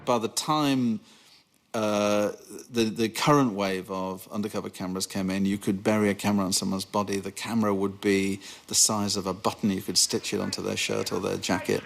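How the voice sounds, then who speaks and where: A man contributing to a documentary, explaining in an animated way. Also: on the low side, normal speed, vocal fry, soft background music.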